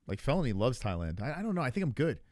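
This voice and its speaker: A man's voice: medium pitch, very animated, very fast, very noisy. A man hosting a live stream, chatting casually and crudely with his viewers while reacting to videos. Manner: loose, rambling, crude, talks to chat. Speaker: streamer host.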